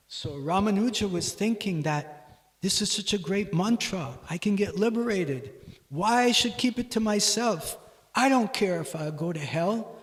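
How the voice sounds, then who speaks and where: A man giving a devotional class at a temple, teaching in a measured way and telling stories. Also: sits high, animated. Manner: measured teaching, voice rising loudly for quoted shouts. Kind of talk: devotional lecture with storytelling. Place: temple hall.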